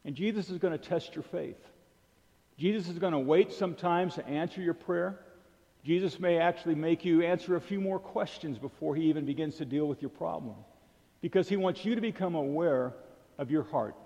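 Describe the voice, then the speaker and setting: A man preaching a sermon, animated and acting out the voices he quotes, stumbling over a word now and then. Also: a little high, a little fast. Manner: animated, acts out quoted voices, some repeated words. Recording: dull sound in a reverberant hall.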